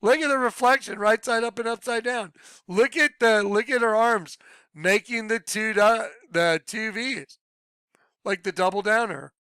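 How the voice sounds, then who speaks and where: A man talking excitedly to his viewers, laughing often and trailing off mid-sentence. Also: high voice, measured pace, clean tone, no echo. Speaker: video blogger. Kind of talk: rambling monologue to viewers.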